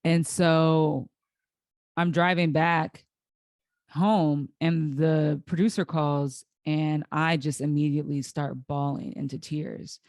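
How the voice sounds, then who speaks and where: A woman's voice: deep voice, little pitch movement, slow pace, darkish tone, no echo. A woman hosting a solo podcast, telling her own story in a candid, emotional way, close to tears at times and full of restarts and fillers. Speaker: podcast host.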